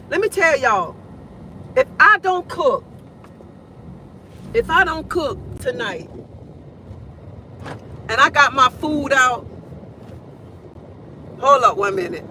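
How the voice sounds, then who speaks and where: A woman's voice: high voice, expressive, a little slow, long pauses, pushed and bright, a little hiss or hum, poor audio. A woman in her forties hosting a live stream from her car, talking casually and emphatically and repeating phrases for stress, picked up on a phone.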